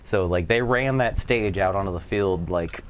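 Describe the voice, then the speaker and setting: A man's voice: sits low, moderate pace. A man co-hosting a casual live-stream chat, talking in a heated, profane, rambling way. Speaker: podcast co-host. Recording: noisy background hiss.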